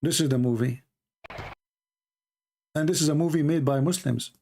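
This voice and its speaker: Mocking higher-voiced man, Arabic native. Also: normal speed, warm tone. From Middle East. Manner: mocking, sarcastic. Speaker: religious commentator. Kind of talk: casual commentary over a video.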